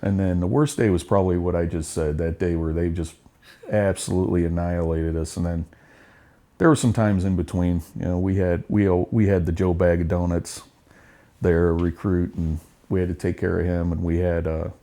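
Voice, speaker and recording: A middle-aged man tells his stories with blunt, profane humor. His voice sits on the low side. He talks like a veteran guest in a relaxed interview. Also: moderate pace. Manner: blunt, profane, laughing storyteller. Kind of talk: casual storytelling interview.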